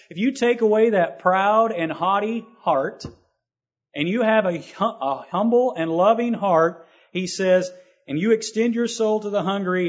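Earnest preaching man, lo-fi sound. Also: high-pitched. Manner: earnest, rising to emphatic on scripture. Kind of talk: sermon. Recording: dull lo-fi recording.

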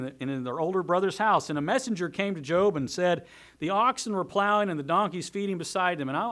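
A man preaching a sermon, reading scripture aloud and commenting, swinging between soft asides and loud, fervent passages. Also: on the high side.

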